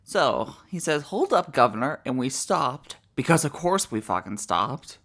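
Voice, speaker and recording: A woman hosting a let's play, giving casual, profane, excitable commentary and mimicking characters. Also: very deep voice, measured pace.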